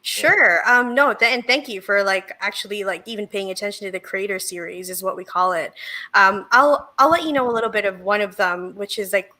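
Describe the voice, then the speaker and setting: A woman's voice: medium pitch, a little fast, pushed and bright. A woman guest in a casual chat who tells stories and laughs often.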